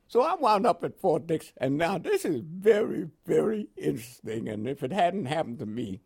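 Animated older man with a New York accent. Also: mid-range voice, vocal fry. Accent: New York with West Indian inflections. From Panama. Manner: animated storyteller who chuckles often. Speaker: interviewee. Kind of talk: oral history storytelling.

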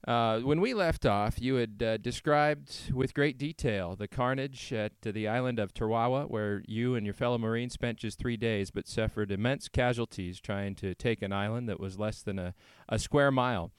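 A man interviewing a veteran, asking measured, prepared questions. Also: medium pitch, clear, resonant tone, no echo. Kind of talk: oral history interview.

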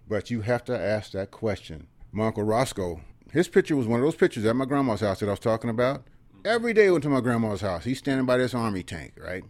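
A man in his seventies, a veteran and guest, telling stories in a folksy, earnest way and dropping into quiet asides. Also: mid-range voice, dry recording. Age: 70s. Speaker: guest, veteran and organizer of a history project. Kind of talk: conversational storytelling.

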